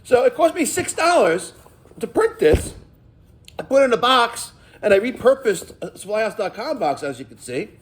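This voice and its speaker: A man's voice: very high voice, very animated, moderate pace, background noise. A middle-aged man, a plumbing contractor telling stories and giving advice in a casual, emphatic, profane vlog rant.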